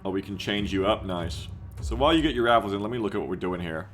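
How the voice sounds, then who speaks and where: A man's voice: lowish voice, expressive, fast, a bit bright, faint music behind. A man streaming a game, talking loosely and chattily, swearing and reading out chat messages. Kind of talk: casual livestream commentary.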